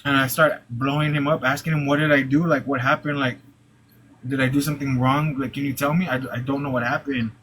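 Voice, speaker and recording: A young man telling a personal story live, halting, with many "like"s and repeated restarts. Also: mid-range voice, level tone, fairly bright tone, slight background noise, low-quality recording.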